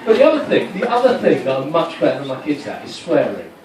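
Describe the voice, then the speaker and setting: A man's voice: fairly high pitch, huge pitch swings, fast talker, background noise. A man in his forties doing a rambling, self-mocking stand-up set with stumbling restarts. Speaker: stand-up comedian. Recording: roomy live venue from a distant mic, loud crowd laughter.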